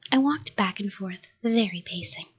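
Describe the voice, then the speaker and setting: A woman reading a children's story aloud in a soft whisper. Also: mid-range voice, lively intonation, normal speed, slightly rough.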